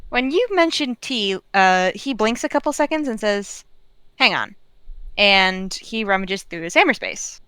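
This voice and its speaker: A woman in a tabletop role-play game, narrating her character's actions in a relaxed, chatty way. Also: mid-range voice, moderate pace, few pauses, clear, resonant tone, no echo. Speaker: player.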